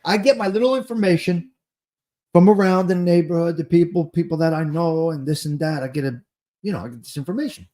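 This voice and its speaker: A man's voice: fairly high pitch, a little fast, warm tone. A man with a New Jersey accent hosting a casual live stream, chatting and repeating phrases for emphasis.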